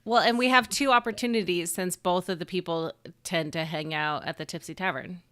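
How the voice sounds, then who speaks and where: A woman's voice: on the low side, fairly even intonation, brisk, fairly bright tone, clean tone, no echo. A woman chatting casually as a player in a tabletop game, often chiming in to agree. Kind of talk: casual chat.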